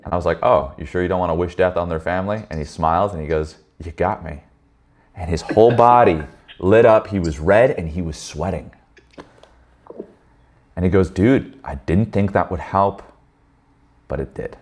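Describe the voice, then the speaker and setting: A man leading a men's group, telling stories in a blunt, profane and animated way. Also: deep voice, normal speed, pauses often. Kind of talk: candid group talk.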